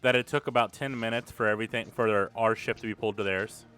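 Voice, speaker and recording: A low-pitched man playing a tabletop game in a casual, chatty way, often checking details with the game master. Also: fairly even intonation, quick pace, a bit bright, soft background music. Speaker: player.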